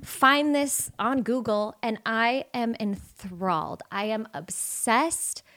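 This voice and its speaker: Woman, thirties, podcast guest, candid storyteller, casual swearing, animated delivery. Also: on the high side, takes it slowly.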